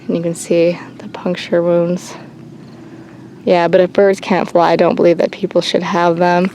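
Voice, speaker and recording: A woman running an animal sanctuary, talking candidly in a halting way with many pauses and restarts. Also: fairly low pitch, little pitch movement, mellow, a little hiss or hum. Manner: halting, many ums and restarts, nervous laughs. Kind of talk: candid personal vlog. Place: outdoors on a rural animal farm.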